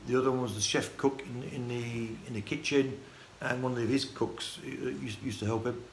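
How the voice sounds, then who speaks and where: A man from the United Kingdom telling his life story in a casual, halting vlog monologue full of restarts and fillers. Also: mid-range voice, steady tone, vocal fry. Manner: rambling, halting, many restarts and fillers, chuckling. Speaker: vlogger. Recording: echoey room with faint ambient noise.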